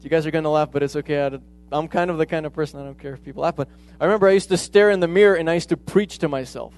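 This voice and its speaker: A man's voice: fairly high pitch, fairly even intonation, very fast, a little mellow. A man preaching a sermon in a conversational way, often retelling conversations as quoted dialogue.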